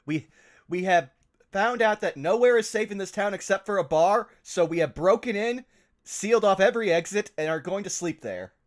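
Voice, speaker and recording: A man's voice: high voice, moderate pace. A man chatting casually and jokingly on a game stream, running the game as game master. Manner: joking, animated.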